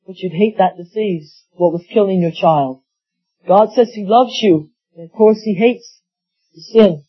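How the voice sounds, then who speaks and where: A man's voice: sits high, measured pace, husky. A man preaching a sermon, telling folksy stories with acted quotes. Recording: dull lo-fi sound.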